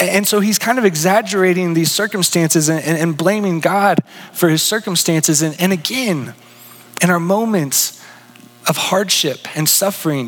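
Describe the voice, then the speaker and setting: A man preaching a sermon in an earnest, questioning way, often dropping to a soft hush. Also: on the high side, in a large hall, low-quality recording. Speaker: pastor.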